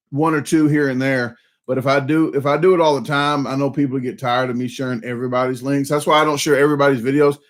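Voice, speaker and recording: A man with a Southern US accent hosting a casual live stream, rambling with lots of fillers and restarts, a little hoarse and coughing. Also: medium pitch, a bit bright.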